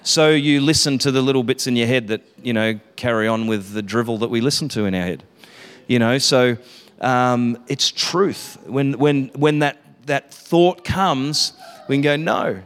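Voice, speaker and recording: Chatty preacher in a reverberant hall. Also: male voice, mid-range voice, normal speed, clean tone. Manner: chatty, self-interrupting, laughs often. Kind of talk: casual sermon.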